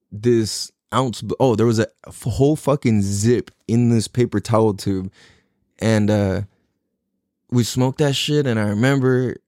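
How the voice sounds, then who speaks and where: Laid-back mellow-voiced man telling stories. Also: mid-range voice, dry recording, studio quality. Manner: laid-back, profane, rambling with frequent laughs. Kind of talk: casual storytelling monologue.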